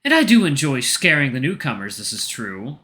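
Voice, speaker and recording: A stern, moody male Doberman bandit talks dryly in a put-on Northern English accent, as a man voices him. His voice is bright and forceful. He sounds gruff. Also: medium pitch, huge pitch swings, moderate pace, slight background noise. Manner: dry, stern.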